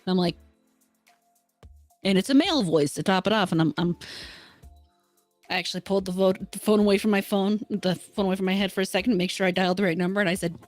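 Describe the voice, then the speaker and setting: A woman's voice: medium pitch, quick pace, pauses often, darkish tone, dry recording, soft background music. A woman co-hosting a casual talk show, telling a personal story candidly and getting emotional at times. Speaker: co-host. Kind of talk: casual chat.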